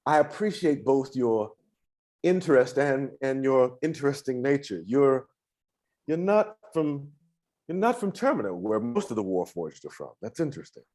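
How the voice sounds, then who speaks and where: A man's voice: medium pitch, very animated, moderate pace, darkish tone, natural voice. A man voicing a nervous, polite male patron of elfin heritage who stammers as he hires adventurers.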